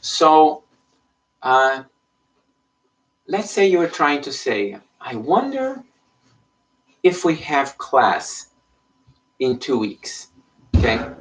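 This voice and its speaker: A man's voice: medium pitch, slow pace, long pauses. A man teaching an online Spanish lesson in English, explaining patiently and checking in with frequent "okay?". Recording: voice somewhat far from the mic.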